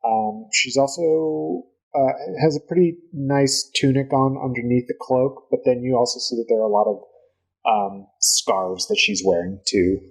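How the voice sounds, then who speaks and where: A man narrating a tabletop game as game master, in a relaxed way with fillers. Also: medium pitch, moderate pace, low-quality recording.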